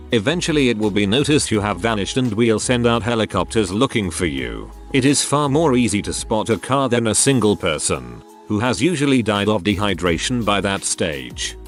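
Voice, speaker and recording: A man narrating a series of online forum posts in a wry, deadpan way. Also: lowish voice. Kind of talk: scripted narration.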